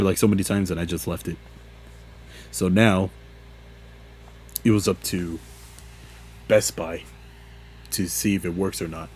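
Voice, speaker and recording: A young man hosting a casual solo podcast, rambling through a story with lots of swearing and laughter, his voice jumping up when he gets exasperated. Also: husky. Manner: rambling, profane, laughs often, voice jumps high when exasperated. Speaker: podcast host.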